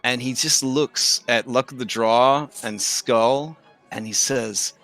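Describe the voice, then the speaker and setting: Maître du jeu à la voix claire. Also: male voice, mid-range voice, slow, a bit bright, faint music behind. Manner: chatty, hesitant, many fillers. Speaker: game master. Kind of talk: narrating a tabletop game.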